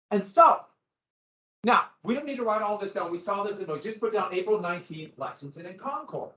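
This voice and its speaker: A man teaching a history class, lecturing in an animated way with asides and acted-out quotes. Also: high-pitched, normal speed. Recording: roomy, dull lo-fi classroom recording.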